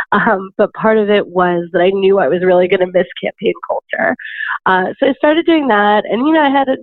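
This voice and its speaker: A woman's voice: fairly low pitch, dry recording. A woman guest answering interview questions in a rambling, hesitant way with many fillers. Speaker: guest, campaign worker. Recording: dry tinny phone-like line.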